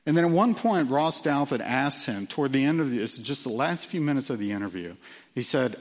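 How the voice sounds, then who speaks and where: Earnest pastor preaching in a reverberant hall. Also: male voice, medium pitch, animated, brisk. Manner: earnest, dropping quiet for emphasis, frequent fillers. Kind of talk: sermon.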